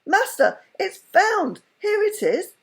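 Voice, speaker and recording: A woman voicing a devoted, fretful old housekeeper who speaks in a high, anxious, pleading way. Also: big pitch swings, slow pace, full character voice. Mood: overjoyed.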